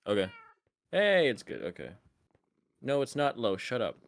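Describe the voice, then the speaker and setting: A man's voice: medium pitch, wildly swooping pitch, normal speed, vocal fry, no echo. A man with a New York accent chatting over voice call, joking and rambling. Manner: joking, rambling, self-deprecating. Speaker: guest on voice call. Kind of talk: casual stream chat.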